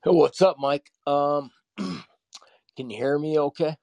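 Man, caller, slangy, interrupting, somewhat high voice, dry sound. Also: expressive, slow, a little mellow, dry recording. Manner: casual slangy talk, keeps interrupting. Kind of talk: heated call-in argument.

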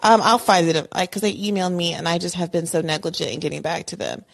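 A woman hosting a casual podcast chat from home over a call app, rambling and self-interrupting, jumping from loud outbursts to quiet mumbles. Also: lowish voice, quick pace, gravelly. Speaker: podcast host. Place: home apartment. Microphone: remote call audio.

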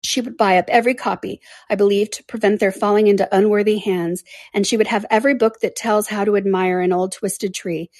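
A woman reading aloud, voicing a reserved, melancholy young man in a quiet, lowered voice. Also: steady tone, a little fast, few pauses, no room sound, lightly acted. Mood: playful.

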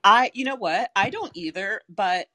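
A woman hosting a podcast interview. She talks in a soft, affirming way with hesitant fillers. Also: mid-range voice, lively intonation, moderate pace. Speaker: podcast host. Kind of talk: conversational interview.

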